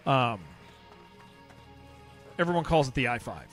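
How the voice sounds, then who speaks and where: A young Californian from San Diego chats casually while streaming a game, rambling, restarting sentences, and saying "dude" a lot. His voice is a little high and a bit bright, with lively intonation at a moderate pace. Faint music sits in the background.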